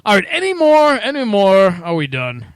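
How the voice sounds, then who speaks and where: A man hosting a casual gaming chat show, ranting with heavy swearing and sudden shouts. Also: sits high, wildly swooping pitch, moderate pace, clear, resonant tone, no room sound, studio quality. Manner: profane ranting, swinging from shouts to mutters. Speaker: podcast host.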